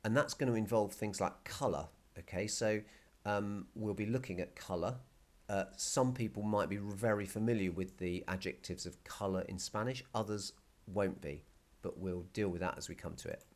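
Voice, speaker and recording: Patient, low-voiced male teacher. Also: a little mellow. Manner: patient and explanatory, repeats key words slowly. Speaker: Spanish teacher. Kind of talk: recorded video lesson.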